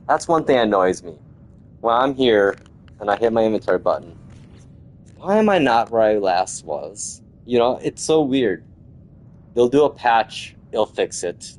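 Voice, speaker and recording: His pitch swings widely though it stays fairly low, and he keeps a moderate pace. This middle-aged man runs a gaming channel, offering casual, meandering commentary over a video game with plenty of "man" and "yo."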